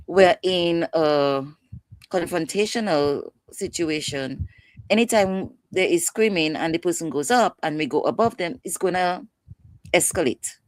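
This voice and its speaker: A woman's voice: fairly low pitch, dry recording. A woman guest in an interview, explaining advice in an emphatic, passionate way. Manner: passionate, emphatic, acts out quotes. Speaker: guest expert on mental health. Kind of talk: instructive interview talk.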